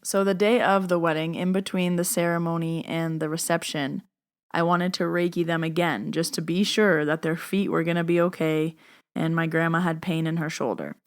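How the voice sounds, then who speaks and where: Woman host, casual chatty storyteller, animated delivery. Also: fairly low pitch, moderate pace. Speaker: podcast host.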